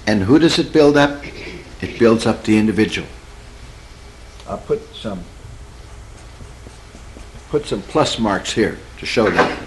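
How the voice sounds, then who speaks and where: Male preacher, animated pitch, folksy teaching sermon with a faint hiss of room noise behind him. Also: low-quality recording. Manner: conversational, folksy, laughs at own stories; drawls and slows for emphasis, swoops in pitch.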